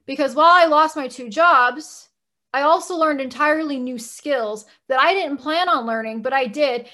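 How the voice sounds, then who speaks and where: A woman's voice: high voice, sharp tone. A woman co-hosting a podcast in casual chat, talking bluntly and emphatically, with plenty of swearing. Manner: blunt, profane, emphatic ranting. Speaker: podcast co-host.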